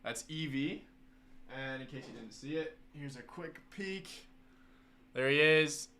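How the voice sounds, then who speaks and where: A man's voice: on the high side, measured pace, sharp tone. A man hosting a live building stream, chatting casually and enthusiastically.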